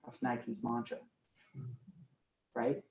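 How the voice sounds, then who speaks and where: Energetic man teaching a class, far mic. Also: drawn-out words. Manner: energetic, quizzes the class often. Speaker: real estate trainer. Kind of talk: live classroom training talk. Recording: roomy room, mic from far off, faint noise.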